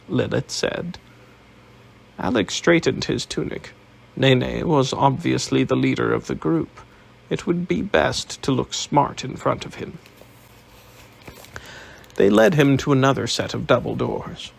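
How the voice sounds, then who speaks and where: A man narrating an audiobook in a measured, unedited reading with small slips. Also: mid-range voice, big pitch swings, gravelly, breathy edge.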